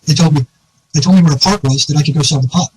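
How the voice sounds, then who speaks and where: A man telling an animated anecdote in a casual conversation, often quoting others and laughing. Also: fairly high pitch, racing, slight background noise, rough recording.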